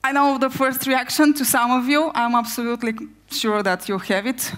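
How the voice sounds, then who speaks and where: Woman product owner, conference talk, energetic, heavy on rhetorical questions. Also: high-pitched, normal speed, hardly any pauses.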